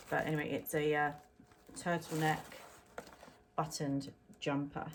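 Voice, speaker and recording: A woman's voice: sits low, a little hiss or hum. A middle-aged woman vlogging a clothing unboxing in a chatty, rambling way with lots of ums. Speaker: fashion vlogger. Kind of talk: casual unboxing chat to camera.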